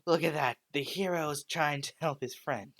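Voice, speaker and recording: A man's voice: a little high, normal speed, fairly bright tone, voice pushed up. A man playing a sneering young villain. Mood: mocking. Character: taunting young male villain, mocking and cruel.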